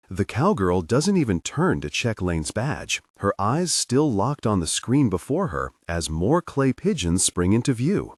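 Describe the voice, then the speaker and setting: A man reads a novel aloud with wry, lively storytelling. His low, husky voice rises and falls widely, and the recording is close and dry. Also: measured pace, few pauses, no echo. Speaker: audiobook narrator. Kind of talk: audiobook narration.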